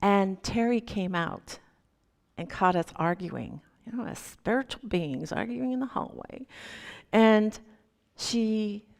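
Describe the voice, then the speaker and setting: A woman minister delivers a sermon in a middle-pitched voice and tells personal stories with lively energy, acting out each voice. Her words ring through a long hall reverb. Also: takes it slowly, vocal fry. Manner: animated, acts out quoted voices in her stories. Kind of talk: sermon with storytelling. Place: church sanctuary.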